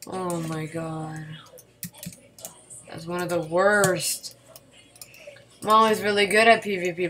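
At her home computer at night, a woman with a fairly low voice gives casual gameplay commentary over a noisy background. She's excitable, yelping and repeating words whenever she panics.

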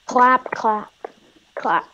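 A woman chatting while gaming, playfully putting on an accent with broken English and drawn-out teasing lines. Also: fairly high pitch, pushed and bright, muffled recording, a little hiss or hum. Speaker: gamer. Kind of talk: casual gaming chat.

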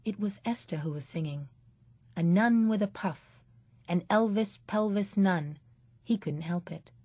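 A woman narrating an audiobook in a measured, steady storytelling manner. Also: mid-range voice, husky, no echo. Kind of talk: scripted narration.

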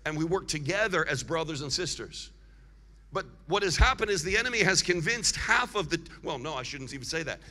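Bright high-voiced man preaching in a hall. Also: expressive. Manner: preaching with call-and-response and emphatic drawn-out declarations. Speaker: guest evangelist preacher. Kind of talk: sermon. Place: large church hall. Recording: live sermon with long hall reverb.

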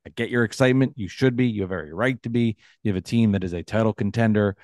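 Halting low-voiced man. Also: darkish tone, no echo, clean studio sound. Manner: halting, many restarts, wry. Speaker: podcast co-host, Nets fan. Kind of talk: casual sports chat.

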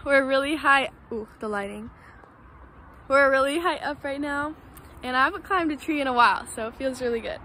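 A bubbly young woman with a bright, high voice chats away to her phone camera in a casual vlog. She's outdoors, and steady road traffic hums clearly behind her. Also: moderate pace. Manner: bubbly, chatty. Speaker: skate vlogger. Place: outdoors near a loud road.

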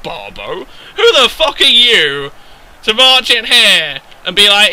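A young man giving sweary, excitable commentary over a football video game, breaking into loud outbursts and then dropping to low mutters. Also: slow, noisy background. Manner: excitable and sweary, yelling at his players. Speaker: gaming YouTuber. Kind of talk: live gameplay commentary.

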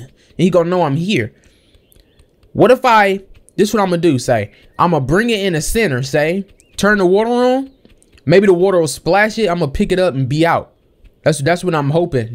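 A young man giving casual, slangy play-by-play of a video game, talking to the characters on screen. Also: a little high. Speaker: gameplay streamer. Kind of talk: casual let's-play commentary.

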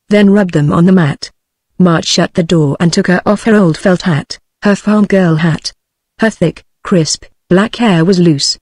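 A computer-generated woman's voice with a British English accent, reading a novel aloud at an even, synthetic pace. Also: on the low side, no room sound. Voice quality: synthetic, evenly paced. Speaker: audiobook narrator. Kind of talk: text-to-speech audiobook reading.

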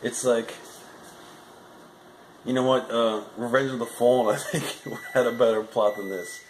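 A man's voice: medium pitch, fairly even intonation, a little slow, roomy sound, slight background noise, low-quality recording. A man giving a casual, rambling spoken movie review, often restarting sentences and adding frustrated asides.

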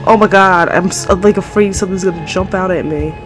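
Music plays behind this woman's fairly low, fairly quick voice, and the recording quality is low. Panicking over a horror game, she swears constantly and yelps in fright while talking to her viewers in let's play commentary. She uses her own desk mic, moved back to avoid clipping.

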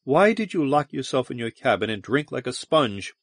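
A man's voice: medium pitch, very animated, moderate pace, dry recording, studio quality. Jansky, a man reading as a stern woman commander. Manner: clipped, impatient, contemptuous. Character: stern female starship commander. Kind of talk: audiobook character reading.

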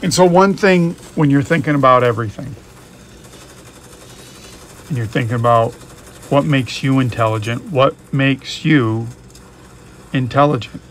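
A man's voice: mid-range voice, moderate pace, pauses often, a little hiss or hum. A man giving rambling, reflective commentary while playing a game, thinking aloud as he goes. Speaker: gaming YouTuber. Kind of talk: casual musing commentary over gameplay.

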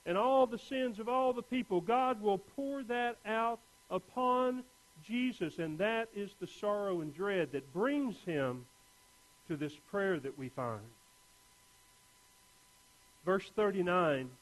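A male pastor preaching a sermon in an earnest way, moving between hushed and urgent, often repeating words as he restarts phrases. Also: high voice, lively intonation, a little slow, rough recording.

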